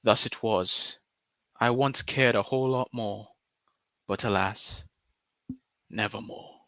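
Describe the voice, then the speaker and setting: A man's voice: on the low side, slow, a bit bright, no room sound. A man putting on a pompous English poet. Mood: mock-solemn. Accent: put-on English. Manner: grandiose, theatrical recitation. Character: mock-solemn English poet reciting verse, adult man.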